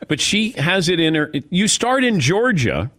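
Lively-pitched male host with dry humor. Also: measured pace. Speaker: radio show host. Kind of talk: casual chat.

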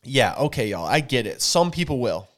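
A man's voice: mid-range voice, big pitch swings, normal speed, a bit bright. A man, co-hosting a podcast in casual talk, earnest and emphatic, repeating words to drive a point home. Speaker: podcast co-host.

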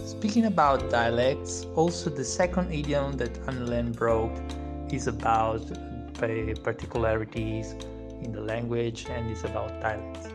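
Woman, podcast host, calm and measured, very deep voice, guitar music underneath. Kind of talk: introducing a segment.

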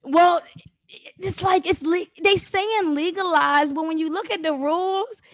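A woman talking in casual podcast chat, animated and emphatic, often laughing. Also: very high voice, a little slow.

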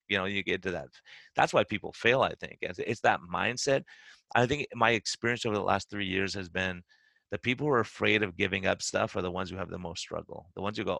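A man hosting a podcast as a weight-loss coach, telling client stories in a casual, animated way and acting out their words. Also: low-pitched, fast, gravelly, no room sound.

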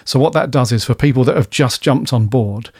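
A man's voice: mid-range voice, brisk, darkish tone, breathy edge, no room sound, clean studio sound. A man co-hosting a casual podcast chat about a TV episode, laid-back and talkative, swearing freely and laughing often. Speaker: podcast co-host reviewing a TV episode.

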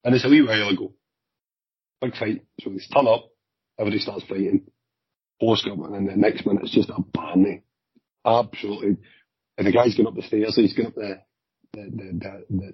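A man with a Glaswegian accent, a former police officer, telling hurried, animated stories in a casual chat with some swearing. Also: lowish voice, slightly rough, dry recording. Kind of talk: casual anecdotal storytelling. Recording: dull lo-fi sound.

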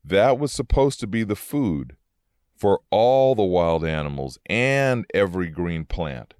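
A man's voice: deep voice, big pitch swings, measured pace, a little mellow, smooth, no room sound, clean studio sound. A man reading Bible verses and explaining them in an earnest, conversational preaching manner, speaking from inside a car. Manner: earnest, conversational preaching, reads scripture aloud then breaks it down. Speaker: minister. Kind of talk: informal Bible teaching podcast.

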